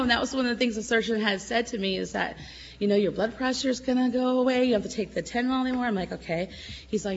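A middle-aged woman giving an emotional church testimony, at times tearful, swinging between loud exclamations and soft murmurs. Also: mid-range voice, creaky, highs cut off, a little hiss or hum.

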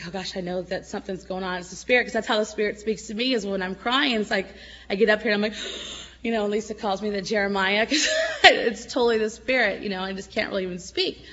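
A middle-aged woman giving an emotional church testimony, at times tearful, swinging between loud exclamations and soft murmurs. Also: medium pitch, highs cut off.

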